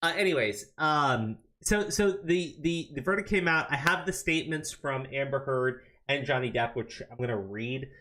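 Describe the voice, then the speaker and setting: Animated, cursing man on a livestream. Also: medium pitch, moderate pace, few pauses. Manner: animated, profane, stammering restarts. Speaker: podcast co-host. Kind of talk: casual livestream commentary.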